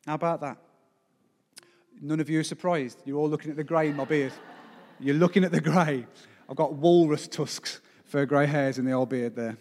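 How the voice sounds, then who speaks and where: A man's voice: a little high, steady tone, normal speed, darkish tone, in a large hall. A forty-year-old man preaching a sermon as pastor. He speaks with emphasis and often puts rhetorical questions to the congregation. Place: church service.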